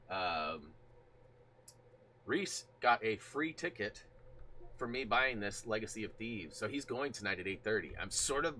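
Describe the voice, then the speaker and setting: A man casually chatting while hosting a gaming live stream, greeting viewers from the chat in an animated way. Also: mid-range voice.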